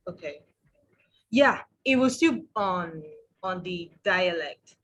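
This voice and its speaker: Husky-voiced woman hosting a book chat. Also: lowish voice, expressive, takes it slowly, fairly bright tone, rough recording. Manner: chatty, laughing easily, with fillers. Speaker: book club host. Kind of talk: casual conversation.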